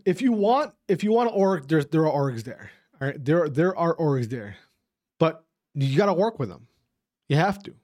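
A man's voice: on the high side, darkish tone, no room sound, studio quality. A young man delivering a heated, profane rant to his viewers, lecturing and repeating himself with frequent "all right?" checks. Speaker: esports commentator ranting to viewers.

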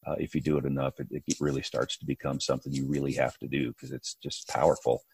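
A man's voice: a bass voice, little pitch movement, quick pace, vocal fry, a little mellow, a little hiss or hum. A middle-aged man talking as a podcast guest, earnest and repeating words as he restarts his sentences. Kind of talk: casual podcast conversation.

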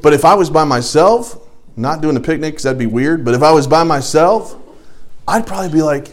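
A man's voice: fairly high pitch, lively intonation, brisk. A middle-aged man leading an adult Bible study in a casual sermon style, telling stories and acting out inner voices. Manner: conversational storytelling with acted inner voices.

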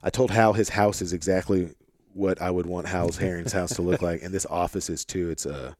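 A man hosting a podcast with an Arkansas-tinged Midwestern accent, chatting in a relaxed, rambling way full of fillers, recorded in a home office. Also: deep voice, a little fast, dry recording, studio quality. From St. Louis, Missouri. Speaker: podcast host. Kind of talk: casual conversation.

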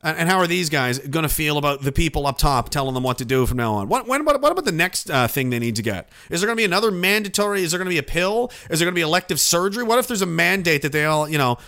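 A man's voice: a little high, very animated, racing, few pauses, pushed and bright. A man delivering sarcastic, profane, indignant commentary.

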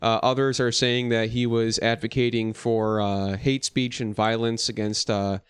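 Smooth-voiced joking podcast host. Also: male voice, mid-range voice, flat delivery, unhurried, no echo, studio quality. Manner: jokey, steers the topics, laughs often. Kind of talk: casual chat.

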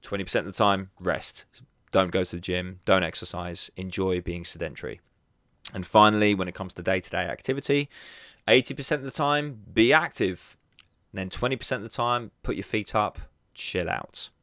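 A man's voice: low-pitched, moderate pace, sharp tone, no echo, clean studio sound. A man hosting his own podcast, talking casually and animatedly and laughing at his own slips. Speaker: podcast host. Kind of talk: solo podcast monologue.

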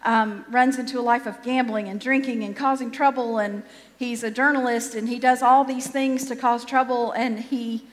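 A woman's voice: a little high, steady tone, normal speed, long reverb tail. A woman pastor giving a sermon in a conversational, self-deprecating way, often restarting her sentences.

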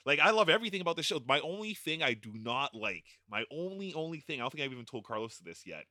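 An eager man chats on a podcast in a very bright voice. The sound is close and dry, with no room around it. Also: a little high, fast, no room sound. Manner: enthusiastic, animated fan talk. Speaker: podcast co-host. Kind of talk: casual chat.

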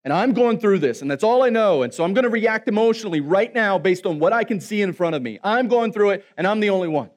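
A man's voice: sits high, animated, fast, hardly any pauses, pitched above the performer's own voice. A man preaching, voicing a distressed prophet who pleads that he is the only one left. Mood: pleading. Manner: pleading, emphatic. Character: distressed male prophet, self-pitying, feels alone.

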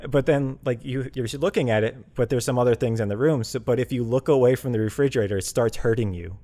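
Animated storytelling man. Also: mid-range voice, quick pace. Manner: animated storytelling, acts out quoted characters. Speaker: podcast co-host. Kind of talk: casual chat about video games.

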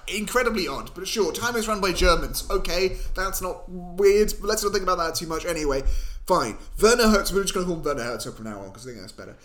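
Sarcastic male podcast co-host, rambling, high-pitched. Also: animated, fast, a bit bright. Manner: sarcastic, rambling, goes off on tangents. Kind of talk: casual movie recap chat.

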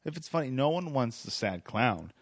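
A man's voice: mid-range voice, very animated, moderate pace, dry recording, studio quality. A young man hosting a podcast, joking and self-deprecating in casual banter with a friend. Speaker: podcast host.

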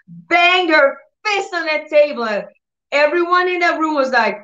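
A woman preacher telling a healing testimony in an animated way, acting out the dialogue as she goes. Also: sits high, measured pace, lo-fi sound. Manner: animated storytelling, acts out dialogue. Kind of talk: testimony teaching.

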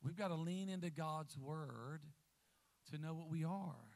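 A man preaching a sermon as a guest pastor, lively, calling out to the congregation. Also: a little high, a little slow, creaky. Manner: lively preacher, calls out to the crowd.

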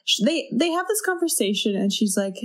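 A woman's voice: fairly high pitch, big pitch swings, brisk. A young woman co-hosting a casual chat, retelling a movie scene by acting out the characters' lines.

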